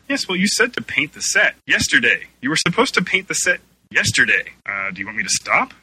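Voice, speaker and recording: A man narrating an amateur audio play in an animated way, changing his voice for the quoted characters. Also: on the low side, brisk, a little hiss or hum, poor audio.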